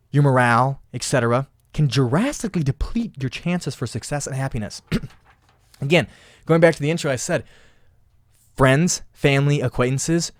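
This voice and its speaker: A man's voice: mid-range voice, a little mellow, no echo, studio quality. A young man hosting a casual motivational podcast, talking solo in an impassioned, emphatic way and often repeating phrases. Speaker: podcast host.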